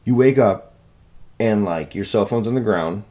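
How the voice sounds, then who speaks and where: A man's voice: lowish voice, normal speed, mellow. A man hosting a solo podcast, rambling and swearing in a self-deprecating, casual way. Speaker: podcast host.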